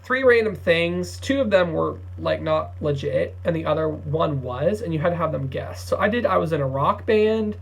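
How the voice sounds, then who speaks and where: A man's voice: a little high, expressive, normal speed, gravelly, hardly any pauses, slightly rough. A young man in his late teens from Ohio, chatting casually on his couponing vlog, sleepy and rambling with lots of fillers and restarts. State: sleepy, yawning. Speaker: couponing YouTuber.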